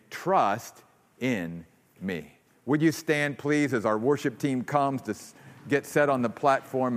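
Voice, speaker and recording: The long reverb of a large hall fills this recording from a church sanctuary. A male pastor preaches earnestly, raising his pitch as he acts out quoted voices, then closes with a prayer.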